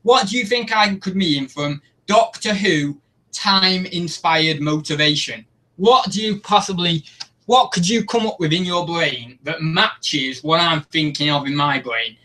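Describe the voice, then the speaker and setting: A young man hosting a casual live stream, chatting in a rambling, self-mocking way. His voice sits a little high and sounds bright and forward. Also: unhurried. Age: young adult. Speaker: YouTube host.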